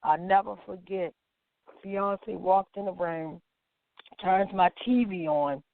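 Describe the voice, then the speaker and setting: A woman activist guest, speaking slowly in a mid-range voice, tells an emotional personal story and acts out the dialogue as she goes. The recording is dry with no room sound, over a tinny, phone-like line.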